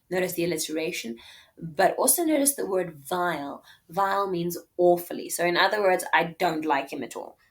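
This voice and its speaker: A woman teacher explaining a classic play line by line, reading quotes aloud with extra emphasis and often checking in with "okay?". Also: lowish voice. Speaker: literature teacher.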